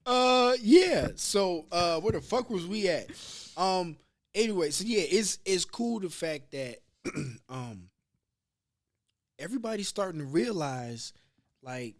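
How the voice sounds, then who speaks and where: With a high voice, lively intonation, and a measured pace, a man hosts a podcast. He chats casually, telling meandering, foul-mouthed stories in a loose style.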